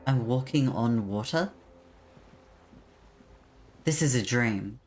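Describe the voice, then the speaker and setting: A streamer musing slowly and puzzled through a game, reading choices aloud. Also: mid-range voice, lively intonation, a little hiss or hum. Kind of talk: casual gameplay commentary.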